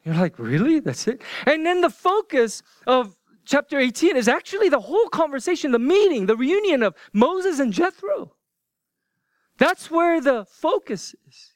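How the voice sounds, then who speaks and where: High-voiced pastor preaching with hushed asides. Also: male voice, sing-song, moderate pace, no echo. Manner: conversational, dropping to hushed whispers for emphasis. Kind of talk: sermon.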